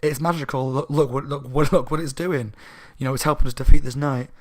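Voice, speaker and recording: A man with a sore throat voicing an eager young male hero, talking quickly. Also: mid-range voice, steady tone, close to an everyday voice.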